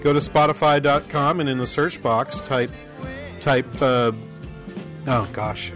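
Male radio host, unhurried rambling chat, music playing behind. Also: medium pitch. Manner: rambling, chuckling. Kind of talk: casual chat.

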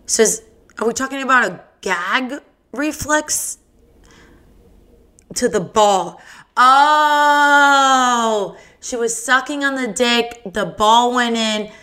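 A woman's voice: on the high side, slow pace, bright, forceful tone. A woman hosting her own podcast, telling bawdy jokes in a giggly, self-mocking casual chat. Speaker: podcast host.

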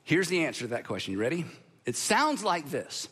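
Man, pastor preaching, high voice, lively pitch, emphatic teaching. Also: breathy edge. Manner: emphatic, teaching with pauses and call-and-response. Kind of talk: sermon.

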